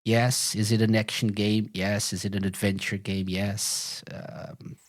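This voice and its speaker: A man's voice: lowish voice, flat delivery, a little slow, no room sound. A man speaking as a podcast guest in casual chat, hesitant, with fillers and repeated words.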